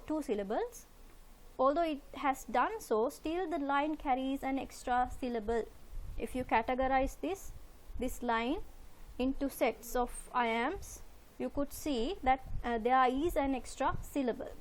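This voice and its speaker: High-voiced woman teaching literature. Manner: methodical, asks rhetorical questions and repeats key words. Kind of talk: recorded lecture over slides.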